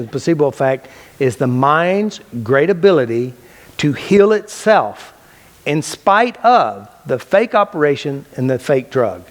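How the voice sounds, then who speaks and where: A man teaching a class in a mind-body healing method, talking casually and bluntly. He repeats key phrases and asks and answers his own questions. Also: on the high side. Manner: casual and blunt, with loose restarts. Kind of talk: unscripted classroom lecture.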